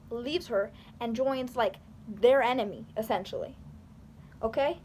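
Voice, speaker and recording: Over slight background noise, a young woman with a high-pitched voice chats animatedly to camera as a YouTuber. She gestures with her hands and rambles through casual commentary, stopping and restarting and using plenty of fillers.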